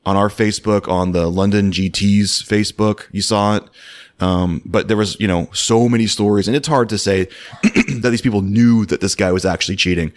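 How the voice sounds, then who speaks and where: A low-voiced man hosts a casual podcast conversation. He weighs his words and circles round his point with lots of "um"s and restarts. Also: fairly even intonation. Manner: measured, circles round with many fillers. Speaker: podcast host.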